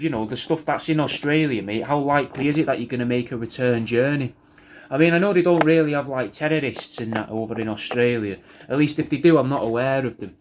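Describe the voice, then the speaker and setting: A man's voice: medium pitch, slight background noise. A man rambling through a personal video message, swearing a lot and often restarting his sentences. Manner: rambling, sweary, self-deprecating, with many restarts.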